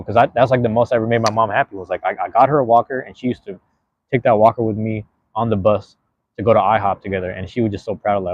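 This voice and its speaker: A man's voice: fairly low pitch, fast talker, no echo. Young man, from the US West Coast, live-stream host, rambling casual talk, street slang, dry dull lo-fi sound. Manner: laid-back, rambling, street slang and cursing.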